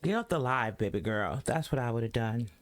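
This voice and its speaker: A man hosting a podcast, casually reacting to a clip and giving advice in a relaxed, chatty way. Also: mid-range voice, brisk, slight background noise. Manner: laid-back, advice-giving, keeps saying "you know what I'm saying".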